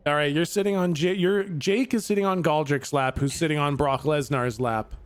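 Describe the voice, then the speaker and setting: A man running a tabletop game as game master, narrating in a relaxed, chuckling way. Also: a little high, normal speed, no room sound.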